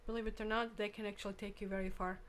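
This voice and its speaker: A woman's voice: mid-range voice, level tone, racing, fairly bright tone, a little hiss or hum. A woman hosting a live tarot stream, chatting casually with viewers and thinking aloud while she works.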